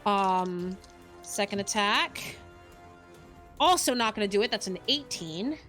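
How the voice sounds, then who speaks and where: A woman's voice: mid-range voice, animated, slow pace, a bit bright, faint music behind. A woman narrating as game master of a tabletop game, upbeat and often laughing.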